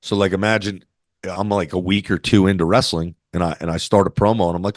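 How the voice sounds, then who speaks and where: Brash, profane man with a low voice. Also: fast talker, dry recording, clean studio sound. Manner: brash, profane, energetic, swaggering. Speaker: interview guest, former wrestler. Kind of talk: casual storytelling interview.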